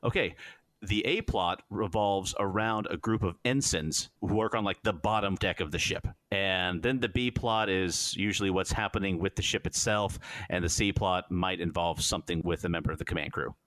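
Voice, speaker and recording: A podcast co-host with a low voice and moderate pace chats casually, retelling scenes as an animated storyteller who acts out the dialogue in raised voices. There is no room sound.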